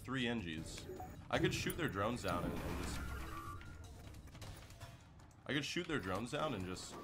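Joking male game streamer, lively pitch. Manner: loose, joking, chatty with viewers, slangy. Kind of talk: casual live gameplay commentary.

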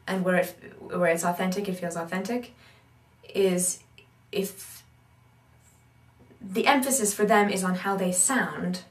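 A woman giving an animated talk as an accent coach, thinking aloud with many asides. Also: mid-range voice. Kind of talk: instructional talk. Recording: roomy echo, distant mic.

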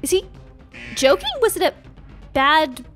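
A young adult woman narrates a game story in a high, bouncy voice. She is excitable and gasps often. Faint background music plays. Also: a little slow. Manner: excitable, gasping.

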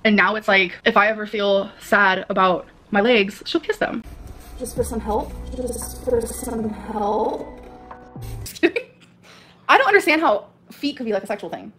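A woman's voice: mid-range voice, a little fast, bright, forceful tone, faint music behind. A young adult woman chatting casually in her vlog, rambling and full of "like". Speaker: vlogger.

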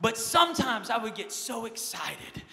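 A young man preaching a lively sermon as pastor, swinging from quiet asides to loud shouts. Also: very high voice, normal speed, gravelly, big-room sound. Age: young adult.

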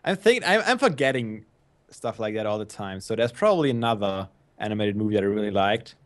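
A man's voice: fairly low pitch, sing-song, brisk. A young man chatting and laughing easily with friends while they play a game. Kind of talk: casual chat while playing a game.

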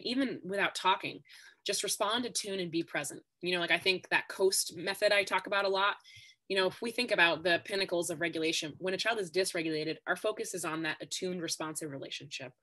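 A woman's voice: on the low side, fast talker, pushed and bright. A woman speaking as a guest expert on a podcast, explaining steadily and often stressing her points with "really". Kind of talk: podcast interview.

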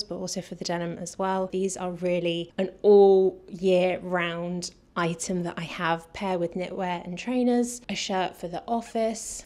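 Slightly mellow and on the low side, this British woman's voice carries enthusiastic chatter as she, a fashion vlogger from the UK, works through a casual try-on haul, a little out of breath.

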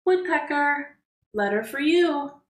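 A woman reading the lines of a shy, quiet old mailman in a storybook, in brief, repeated calls. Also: sits high, expressive, takes it slowly, echoey room, pitched above the performer's own voice. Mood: calling out.

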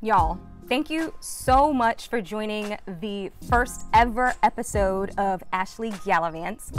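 A young American woman hosting a travel vlog outdoors, chatting to camera in a bubbly, slangy way and laughing often. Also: on the high side. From United States. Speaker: travel vlogger host. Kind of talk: casual vlog chat to camera. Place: outdoors on a sunny day.

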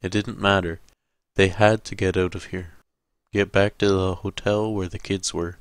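A man narrating an audiobook in a measured, steady way. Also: deep voice, clear, resonant tone, no echo. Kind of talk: scripted narration.

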